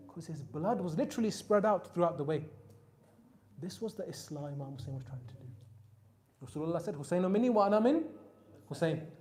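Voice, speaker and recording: A man preaching a Muharram sermon, telling stories with emphatic peaks that drop to soft, quiet lines. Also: a little high, slight background noise. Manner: storytelling, rising to emphatic peaks then dropping soft. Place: mosque hall.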